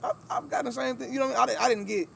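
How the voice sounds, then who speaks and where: A man hosting a podcast in casual conversation, telling animated stories with lots of "you know what I mean". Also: extremely high pitch, very fast, vocal fry, a little hiss or hum. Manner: animated storyteller, many fillers. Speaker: podcast host.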